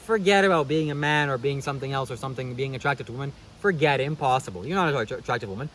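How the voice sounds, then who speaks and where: A man's voice: medium pitch, rapid-fire, a bit bright, slight background noise, poor audio. A man vlogging a casual commentary monologue, sarcastic and preachy, who keeps calling the viewer "buddy" and checking "okay?".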